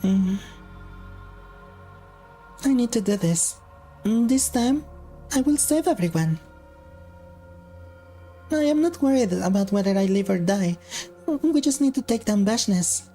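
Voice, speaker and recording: A guilt-ridden young woman prisoner, as a man puts her on in a high voice, stammering and near tears. Her pitch swings widely in a soft, mellow tone, with faint game music underneath. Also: expressive, a little slow, pauses often. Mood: resolved. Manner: tearful, hesitant, stammering. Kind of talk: game dialogue read aloud.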